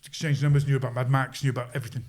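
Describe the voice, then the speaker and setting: Rapid-fire delivery in a mid-range male voice: a middle-aged sports coach is the guest on a podcast, casually narrating a story. He brings the dialogue to life by performing it and lets out chuckles throughout.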